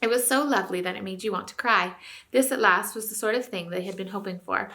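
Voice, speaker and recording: Woman teacher, read-aloud storytelling for class, bright crisp tone. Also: medium pitch, fast. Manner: clear storytelling. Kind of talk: reading a novel aloud to a class.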